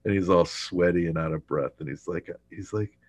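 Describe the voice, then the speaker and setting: A podcast host recaps a sitcom episode in a casual retelling, acting out the quotes with lots of laughter and fillers. His animated voice sits low at a moderate pace, with no room sound.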